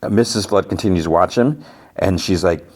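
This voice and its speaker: Low-voiced and darkish in tone, this podcast host moves at a fairly quick clip while casually retelling a TV episode, wandering along with plenty of "like" and "you know."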